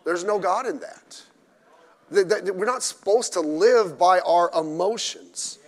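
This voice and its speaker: A man's voice: high voice, a little slow. A male pastor preaching a sermon at a midweek service, blunt and emphatic with mocking asides. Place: church during a midweek service. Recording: echoey church hall.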